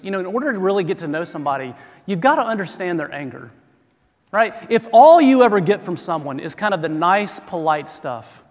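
A middle-aged man delivers a sermon from a church pulpit, his voice sitting a little higher than most men's. He talks in a relaxed, conversational way with bits of self-deprecating humor, and a long reverb trails his words through the sanctuary. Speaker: pastor.

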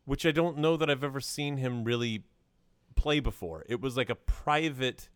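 Measured man explaining his view. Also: mid-range voice, clean tone, no room sound. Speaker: podcast co-host. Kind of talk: casual movie chat.

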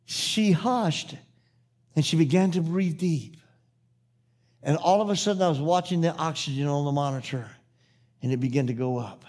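His voice is a bit high and a little mellow, and he talks at normal speed with long pauses. The man is a pastor giving a sermon, passionately repeating phrases in rhythm before drifting into folksy tales about himself.

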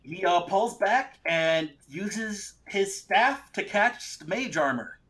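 Game master, a man with a fairly high voice, stumbling through narration. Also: animated, a bit bright. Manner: halting, full of fillers and restarts.

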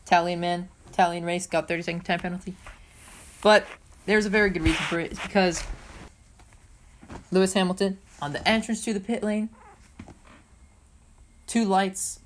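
A woman's voice: medium pitch, steady tone, normal speed, pauses often. A young woman co-hosting a casual podcast, chatty and joking as she recaps a race. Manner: chatty and playful, jokes often. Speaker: podcast co-host. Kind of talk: casual chat about motor racing.

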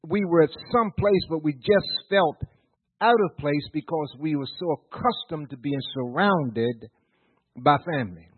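A man's voice: medium pitch, normal speed, husky, no room sound. A middle-aged man from Virginia preaching a sermon, telling folksy stories with stammered restarts and building into rhythmic repeated phrases. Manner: rising, rhythmic preaching repetition. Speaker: pastor. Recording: dry, tinny phone-like sound.

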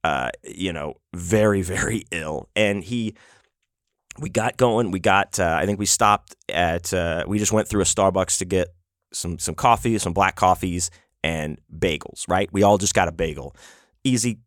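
Man, very low voice, casual profane storyteller, dry close sound. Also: a little slow, dry recording. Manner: rambling, profane, lots of fillers and restarts. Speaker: podcast host.

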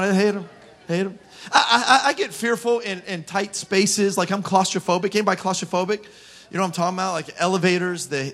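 High-voiced animated man preaching. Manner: animated, self-mocking, acts out scenes with shouts. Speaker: pastor. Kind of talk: humorous sermon storytelling. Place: church auditorium with live congregation.

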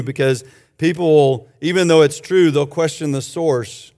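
Higher-voiced preacher with joking asides. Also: male voice, normal speed, darkish tone. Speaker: pastor. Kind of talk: sermon.

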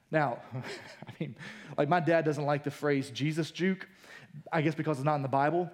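Male pastor preaching, pretty high voice, casual and fired up, climbs up when he hits a point. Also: fairly quick. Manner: energetic, colloquial, builds up in pitch for emphasis. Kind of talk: sermon.

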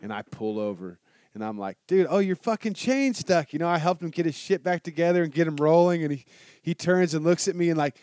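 Man, casual storytelling, lots of swearing, slightly high voice, dry close mic. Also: quick pace, no echo. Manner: animated storytelling, heavy swearing and "dude". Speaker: guest telling a travel story. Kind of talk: casual chat.

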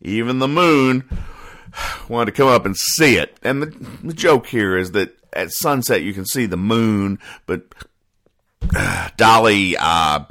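A man reading comic strips aloud and explaining the jokes in a rambling, deadpan way, with sighs and trailing asides. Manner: rambling, dry, sighing, trailing off low.

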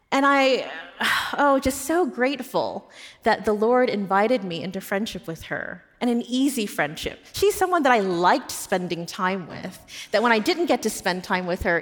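A woman pastor telling personal stories in a sermon, earnest and heartfelt. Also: mid-range voice. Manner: personal storytelling, warm and earnest. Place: church. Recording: long hall reverb.

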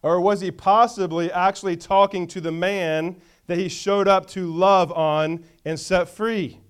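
A man's voice: sits high, fairly even intonation, measured pace, smooth. A male pastor preaching a conversational sermon, often checking in with the congregation.

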